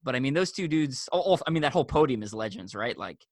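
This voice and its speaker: A man's voice: medium pitch, expressive, fast, no room sound, clean studio sound. A man hosting a casual interview, asking rambling, friendly questions. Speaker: podcast host.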